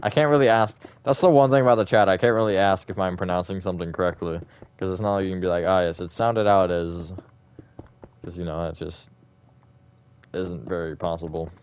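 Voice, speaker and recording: A man's voice: sits low, fast talker, a little mellow, clear, resonant tone, no room sound. A man streaming a building game live, chatting casually and reacting to viewer comments. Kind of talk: live gaming stream chat.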